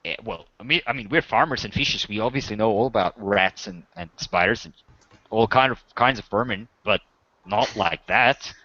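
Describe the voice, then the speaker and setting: Brief: a man playing a plain farmer, hesitant, a touch lower, bright tone, dull dry sound. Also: normal speed, no echo. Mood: wary. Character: plain male village farmer, wary.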